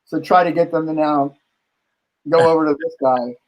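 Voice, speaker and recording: A man with a slightly higher voice spins lively nightlife anecdotes in a relaxed conversation. He keeps the chat casual and acts out the lines of the people in his stories as he goes. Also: normal speed, low-quality recording. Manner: animated anecdote-telling, acting out quotes. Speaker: bar owner and guest host.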